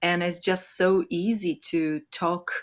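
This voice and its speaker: A woman who is a mother, a guest on a casual video-call chat, reflective and quick to laugh. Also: on the low side, steady tone, highs cut off.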